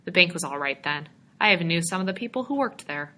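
Anxious young man, halting and breathless, bright edge, read by a woman. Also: on the low side, animated.

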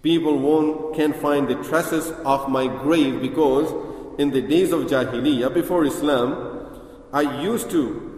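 A man giving a religious lecture, reciting Arabic quickly and then explaining it slowly in English. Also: fairly high pitch, a little mellow. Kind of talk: Islamic lecture explaining hadith. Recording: echoey hall with long reverb.

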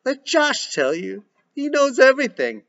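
A man voicing an angry teenage girl who yells through a door. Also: high voice, lively intonation, measured pace, voice pushed up. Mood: furious. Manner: yelling, raised and strained. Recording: dull lo-fi recording.

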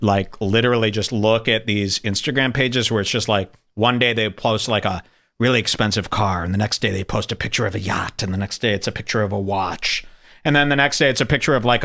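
A man's voice: fairly low pitch, fairly bright tone. A man hosting a podcast, commenting on clips in a sarcastic, mocking way. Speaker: podcast host. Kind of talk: casual commentary.

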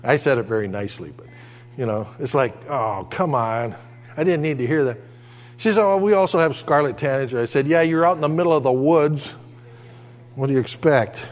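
Older pastor with a high, folksy voice. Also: male voice, brisk, in a large hall. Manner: folksy storytelling, animated asides. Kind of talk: sermon. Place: church sanctuary.

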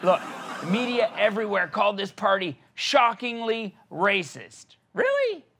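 A man's voice: sits high, normal speed, background noise. A man in a satirical comedy sketch, arguing sarcastically with himself in a mock-indignant back-and-forth. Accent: Canadian.

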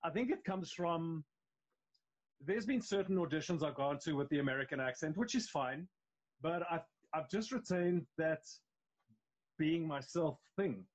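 A man's voice: on the high side, expressive, a little slow, low-quality recording. A man with a South African accent, an actor chatting loosely as a guest on a live video interview. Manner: loose and conversational, with many restarts. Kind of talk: casual interview chat.

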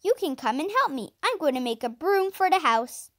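A woman voicing an eager young girl who mothers her siblings in a storybook reading, with bright, excited exclamations. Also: high-pitched, normal speed, no room sound, studio quality, exaggerated voice.

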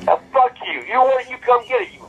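An older man with a raspy, high-pitched voice rants and curses in a furious stream. The sound is dull and muffled, like a phone line. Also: animated, quick pace. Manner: cursing, furious ranting. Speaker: prank call target. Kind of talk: prank call rant.

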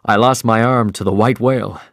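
A man's voice: lowish voice, steady tone, fairly quick, no room sound, clean studio sound, natural voice. Man doing a firm, friendly one-armed captain.

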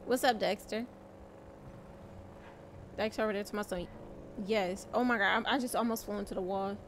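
A woman's voice: medium pitch, moderate pace, slight background noise. A woman streaming in-character game roleplay as a mother, talking bluntly and swearing freely. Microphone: desk microphone at a gaming setup.

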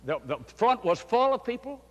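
A man's voice: very high-pitched, big pitch swings, normal speed, fairly bright tone. An older man, a pastor, preaching a storytelling sermon with fervent emphasis. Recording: long hall reverb.

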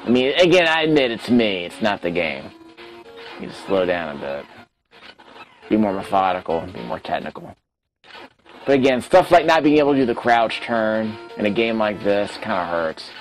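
Chatty low-voiced man commentating gameplay. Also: sing-song, normal speed, faint music behind, poor audio. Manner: chatty, self-critical, talks to himself while playing. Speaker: let's play host.

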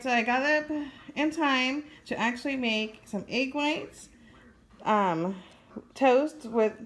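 A woman in her thirties talking casually to a handheld camera, venting and tired, often from her car. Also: mid-range voice. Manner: chatty, venting, tired then upbeat. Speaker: vlogger. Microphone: handheld camera at arm's length.

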